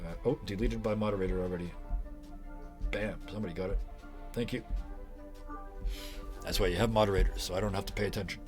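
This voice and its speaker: A man's voice: lowish voice, fairly even intonation, fast, pauses often, over music. A man narrating as game master, loose and joking, laughing often.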